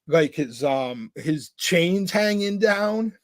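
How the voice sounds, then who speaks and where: A man's voice: high-pitched, lively intonation, slow pace, dry recording. A man co-hosting a podcast, telling stories in a rambling casual chat full of "like" and restarts. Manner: rambling storyteller, many filler "like"s and restarts. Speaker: podcast co-host.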